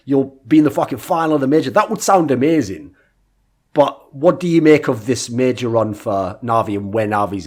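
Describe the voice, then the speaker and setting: A young man co-hosting a casual esports podcast, brash and profane, telling animated stories. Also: medium pitch. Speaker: podcast co-host.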